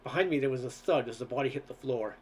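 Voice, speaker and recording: A man's voice: medium pitch, fast, darkish tone, slight background noise. A man reading a novel aloud in earnest storytelling, now and then stumbling over words. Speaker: audiobook reader.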